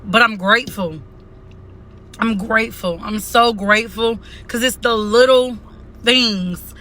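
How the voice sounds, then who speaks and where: A young woman vlogging outdoors beside a car, talking to her viewers on a phone camera. Her voice sits fairly high and she speaks slowly, repeating her phrases. Faint outdoor noise runs under her. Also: bright, forceful tone. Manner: chatty, repeats phrases, addresses viewers as y'all. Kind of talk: casual vlog chat to viewers.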